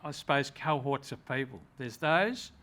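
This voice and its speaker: An older Australian man speaks in an earnest, measured way. He recounts his own memories with steady reflection. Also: medium pitch. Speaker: retired rescue officer, ambulance chaplain. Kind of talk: personal storytelling.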